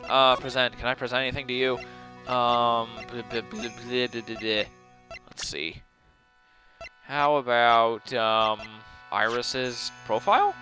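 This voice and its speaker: A man's voice: medium pitch, fairly even intonation, measured pace, music in the background. A man casually commenting while playing a game, rambling and mumbling to himself. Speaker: let's play host.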